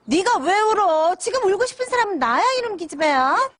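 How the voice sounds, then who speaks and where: A frantic, high-pitched scolding woman from a TV drama, rapid-fire, sobbing, clear noise behind. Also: sing-song. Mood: exasperated scolding. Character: exasperated woman scolding a crying girl. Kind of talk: Korean TV drama acting.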